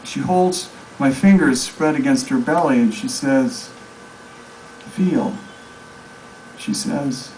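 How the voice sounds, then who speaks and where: A man reading his own story aloud at a live public event, telling it in a deadpan way. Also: medium pitch, unhurried, few pauses. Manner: deadpan storytelling, crowd laughing along. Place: live reading venue with audience. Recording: distant mic with loud crowd and noise.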